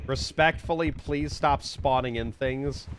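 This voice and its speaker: A man streaming a game, commenting live and swearing, swinging from low mutters to loud shouts. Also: unhurried, slight background noise.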